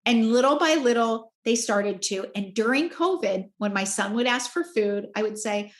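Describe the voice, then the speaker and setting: A candid woman in her forties tells a personal story as a podcast guest, her voice sitting a bit high. She talks in an expressive, heartfelt way. The room around her gives a noticeable echo. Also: normal speed, few pauses. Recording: roomy echo.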